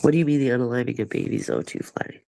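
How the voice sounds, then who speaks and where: A man's voice: mid-range voice, lively intonation, rapid-fire, gravelly, mellow, rough recording. A man chatting casually with his livestream viewers, rambling and profane, with a stuffy nose.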